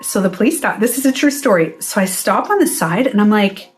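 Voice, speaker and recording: A woman wellness coach talks casually to viewers on a live stream indoors, with soft music playing in the background. Her mid-range voice is animated and quick, and she's candid, swearing freely as she acts out her own reactions.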